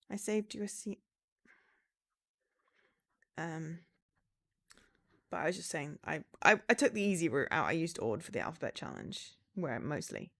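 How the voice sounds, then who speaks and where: A woman's voice: low-pitched, expressive, a little slow, creaky, long pauses, a bit bright. A woman streamer chatting casually with her viewers, rambling with restarts.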